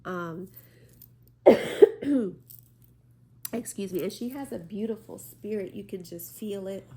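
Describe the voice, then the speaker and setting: A woman speaking casually to camera as a spiritual vlogger, halting and heartfelt, with many fillers and restarts. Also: mid-range voice, mellow, breathy edge.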